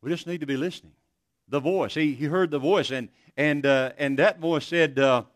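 A man's voice: fairly high pitch, fairly quick, no room sound, studio quality. A man preaching a sermon, telling stories in an earnest voice and often restarting his words. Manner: earnest, storytelling with many restarts.

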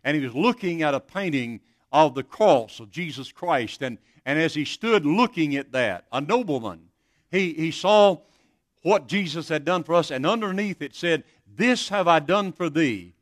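A man's voice: on the high side, lively intonation, normal speed, no room sound. Earnest male preacher, dry sound. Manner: earnest, storytelling with many restarts. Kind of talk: sermon.

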